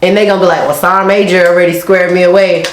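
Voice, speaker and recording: A woman's voice: fairly low pitch, little pitch movement, very fast, a loud crowd. A young woman who is an Army officer, chatting casually and talkatively while doing her makeup. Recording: echoey room.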